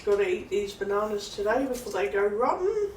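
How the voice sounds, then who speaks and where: A woman's voice: mid-range voice, very animated, faint music behind. A woman venting angrily about her frustrations while making food in her kitchen, swearing and repeating herself. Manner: angry, swearing, slow repetitive venting. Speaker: vlogger. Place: kitchen at home. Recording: roomy, distant, noisy background.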